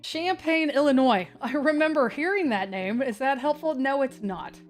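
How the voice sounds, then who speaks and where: A woman's voice: high voice, expressive, moderate pace, soft background music. A woman hosting a live severe weather stream in a chatty, scattered, self-mocking way. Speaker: severe weather livestream host. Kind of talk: casual live commentary.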